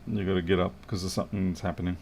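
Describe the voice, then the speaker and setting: A man's voice: sits low, level tone, racing, creaky, darkish tone, slight background noise. A man thinking aloud and muttering to himself as he works through a live repair stream. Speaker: electronics repair technician.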